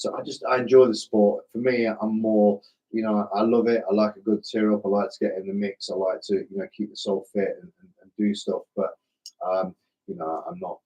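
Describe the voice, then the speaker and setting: A man's voice: lowish voice, darkish tone, highs cut off. Chatty man hosting a live stream. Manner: chatty, self-deprecating, chummy with viewers. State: slightly hoarse. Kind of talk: casual live chat reading viewer comments.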